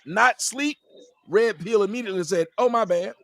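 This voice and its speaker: High, gravelly-voiced man shouting his points. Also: moderate pace, no echo, clean studio sound. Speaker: panelist. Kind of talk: heated panel argument.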